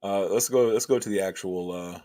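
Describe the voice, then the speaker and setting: Laid-back low-voiced man rambling on a livestream. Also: fairly quick, dark tone. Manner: rambling, thinking aloud with many restarts. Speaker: livestream host answering chat. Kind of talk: casual livestream chat.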